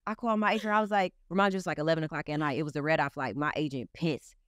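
Young woman, animated storyteller, profane, smooth clear voice. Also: racing, dry recording, studio quality. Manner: animated, profane, swings into high excited outbursts. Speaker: guest artist. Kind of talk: casual storytelling in an interview.

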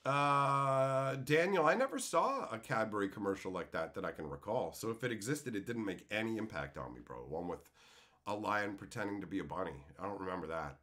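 A man in his thirties opens card packs on a live stream, ranting at his chat in crude, mock-angry banter. His voice sits on the low side and sounds animated, brisk, bright, and forceful.

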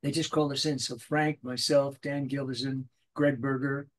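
An older man, a voice actor appearing as a guest, chats in a casual interview as an animated storyteller, acting out little voices in his anecdotes. He speaks at medium pitch and a moderate pace.

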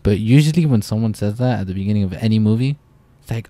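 A man's voice: on the low side, quick pace, mellow. A young man giving casual let's-play commentary, jumpy and profane, rambling through his reactions. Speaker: gamer.

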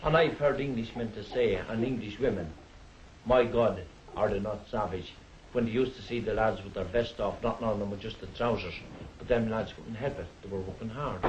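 A man's voice: lowish voice, fairly quick, slight background noise, low-quality recording. An Irish man speaking to camera, earnest and emphatic, repeating his points with conviction. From Ireland. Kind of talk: impassioned speech to camera.

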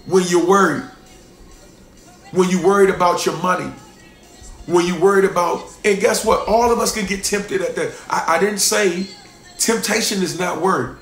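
Male pastor, high voice, emphatic sermon delivery with loud and hushed swings, roomy sound. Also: fairly even intonation, normal speed, soft background music.

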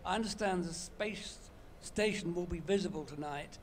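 A man's voice: high voice, moderate pace, slight background noise. A man from Maryland in the audience asking a question in a precise, matter-of-fact way.

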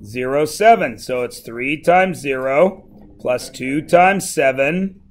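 Joking math teacher in a classroom. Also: male voice, mid-range voice, animated, slow pace. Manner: joking, teasing students.

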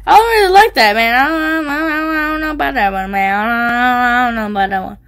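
A woman's voice: a little high, fast talker, fairly bright tone. A woman giving goofy, teasing gameplay commentary, yelping and squealing when she gets hit. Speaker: gaming video creator.

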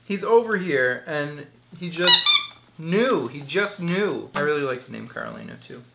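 A woman's voice: deep voice, animated, normal speed, creaky, very noisy. Playful woman chatting through fan mail. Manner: playful, jokey, reads labels aloud. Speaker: vlogger opening fan mail. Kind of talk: casual chat.

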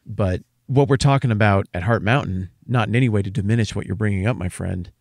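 A man from Wyoming, co-hosting a podcast, talking in an earnest, measured way with a wry edge. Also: on the low side, vocal fry, darkish tone, no room sound, clean studio sound. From Wyoming, USA. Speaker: podcast co-host. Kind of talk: casual conversation.

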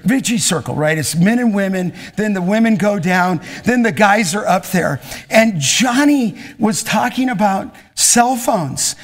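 A man's voice: high-pitched, lively intonation, unhurried, few pauses. A middle-aged man preaching to students and taking their questions, in an intense, emphatic way. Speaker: pastor.

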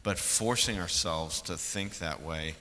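A man's voice: deep voice, measured pace. A panelist, a man who speaks hesitantly and searches for his words. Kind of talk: panel discussion. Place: large conference hall. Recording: reverberant hall with faint noise.

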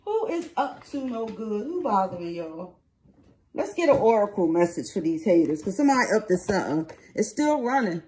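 Woman tarot reader, blunt and profane, lively swooping pitch, noisy recording. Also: brisk. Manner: blunt, profane, streetwise talk. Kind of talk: casual tarot reading to camera.

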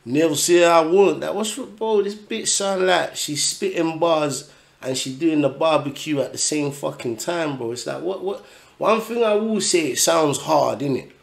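A man's voice: a little high, gravelly. A man giving blunt, profane, exasperated reaction commentary on a video.

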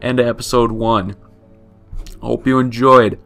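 Host type: offhand, swearing man with a fry-edged voice, comic recap delivery. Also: mid-range voice, fairly even intonation, unhurried, fairly bright tone, soft background music. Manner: flippant, profane, rambling with self-corrections. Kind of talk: casual comedic recap.

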